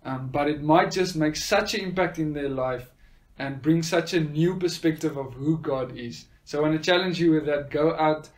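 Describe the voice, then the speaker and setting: Man, slightly high voice, earnest faith testimony, hesitant fillers. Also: normal speed. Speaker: speaker sharing a faith testimony.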